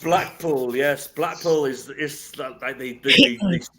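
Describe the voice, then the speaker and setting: A man with a northwest English accent, swearing and rambling loudly in casual chat on a video call. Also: fairly high pitch, lively intonation, a little slow, over a noisy crowd. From northwest England. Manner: sweary, rambling, boisterous ranting.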